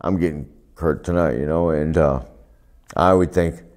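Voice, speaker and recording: A retired wrestler telling profane, laughing stories in a sit-down interview, recorded on a lapel mic indoors. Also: male voice, very deep voice, moderate pace. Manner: profane, laughing, animated anecdotes. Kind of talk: storytelling shoot interview.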